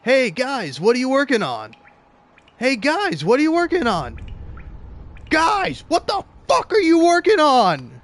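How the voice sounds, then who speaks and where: Male performer doing a yelling, fed-up boss, pitched up, loud and exasperated. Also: a little slow, smooth.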